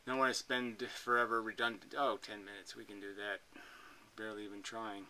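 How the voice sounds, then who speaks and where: A man's voice: fairly low pitch, level tone, brisk, pushed and bright, slight background noise, poor audio. A man hosting a commentary video, ranting in a blunt, combative way and swearing freely. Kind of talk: profane combative rant.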